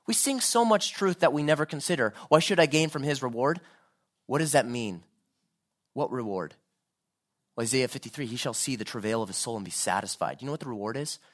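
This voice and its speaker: A man's voice: medium pitch, sing-song, fairly quick. A man preaching a sermon, earnest and building to fervent pleading.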